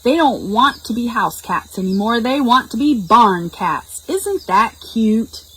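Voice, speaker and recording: A woman reading a picture book aloud to preschool children in a slow, expressive storytime voice and stopping to explain words. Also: a little high, breathy edge, low-quality recording. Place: public library.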